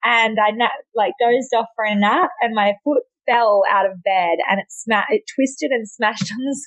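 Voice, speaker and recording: Young Australian woman, podcast guest, higher-pitched voice, easy laughter, relaxed chat. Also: moderate pace, no room sound, rough recording. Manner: laughs often, chatty and self-deprecating.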